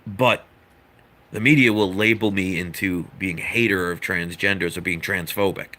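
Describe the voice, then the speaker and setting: A man's voice: deep voice, steady tone, moderate pace, pushed and bright. A man giving an earnest, rambling opinion monologue as a vlogger. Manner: earnest, lecturing, rambling with asides.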